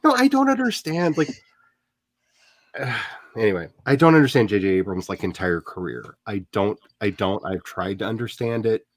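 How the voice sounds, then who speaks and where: A man chatting casually as a host, animated and rambling with many fillers. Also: fairly low pitch, normal speed, no echo. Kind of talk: casual chat.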